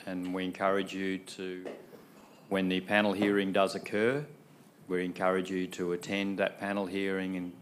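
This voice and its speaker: A man's voice: sits low, level tone, moderate pace, slight background noise. A man chairing a council meeting as mayor, polite and patient, often repeating himself. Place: council chamber.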